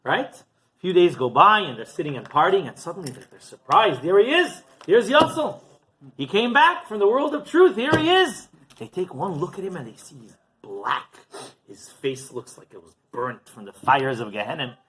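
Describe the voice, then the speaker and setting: Animated, bright-voiced rabbi telling a story. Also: male voice, sits high, normal speed. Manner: animated, conversational, asks "right?" often. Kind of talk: sermon storytelling.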